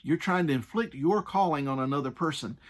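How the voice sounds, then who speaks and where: A man's voice: on the high side, brisk. A man preaching a sermon in a conversational, earnest way, stressing his points and adding casual asides.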